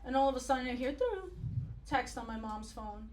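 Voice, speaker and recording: A woman doing a stand-up comedy set with a dry, blunt, profane deadpan delivery. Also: a little high, quick pace, soft background music. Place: comedy club stage. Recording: roomy club sound from far off. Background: audience laughter.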